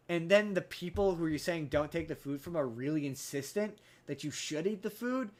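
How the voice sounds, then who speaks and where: A man on a podcast, casually retelling a film plot in a rambling way with many restarts, jumping into high voices for quoted characters. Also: very animated, moderate pace, few pauses. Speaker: podcast host.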